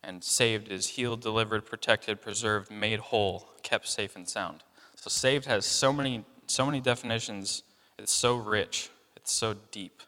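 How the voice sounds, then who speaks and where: A man's voice: fairly low pitch, steady tone, a little slow, pushed and bright, in a large hall. A young man giving a casual, conversational sermon, full of fillers and acting out people's reactions. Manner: conversational, many fillers, acts out voices of people in the story. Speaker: preacher.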